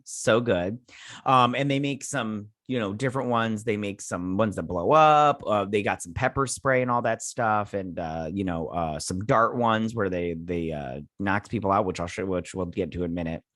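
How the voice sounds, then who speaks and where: A man hosting a casual TV review, rambling through a recap with lots of fillers and flat quoted lines. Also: on the low side, moderate pace, no echo, clean studio sound. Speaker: show host reviewing a TV episode.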